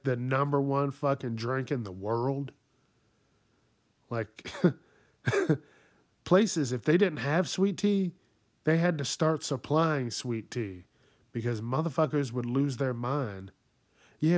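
Profane ranting man, slow and dry. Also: medium pitch, dry recording. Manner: swears constantly, riffs and laughs at his own jokes. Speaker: podcast host. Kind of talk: profane comedic rant.

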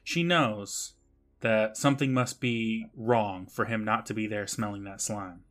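A man's voice: lowish voice, a little slow, a bit bright, soft background music. A man co-hosting a podcast, retelling a TV episode's plot in casual chat with wry, joking asides. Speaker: podcast co-host.

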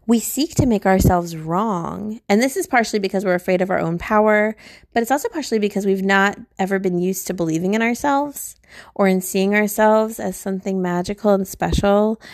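A woman's voice: medium pitch, darkish tone, no room sound, clean studio sound. A woman hosting a podcast, teaching in a casual, chatty way with frequent fillers and light laughs. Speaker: podcast host and spiritual teacher.

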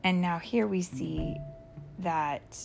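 A woman reading a picture book aloud to a child, playful and animated, stopping often to ask questions about the pictures. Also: lowish voice, takes it slowly, gravelly, over music. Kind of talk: storybook read-aloud with questions.

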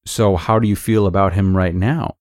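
A man hosting a podcast, calmly narrating a blog post in a measured way. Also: deep voice, no echo, studio quality. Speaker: host.

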